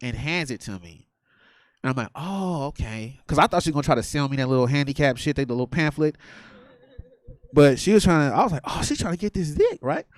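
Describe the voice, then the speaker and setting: A man doing a crude, animated stand-up comedy set in a theater, laughing through his story. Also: medium pitch, brisk, no echo.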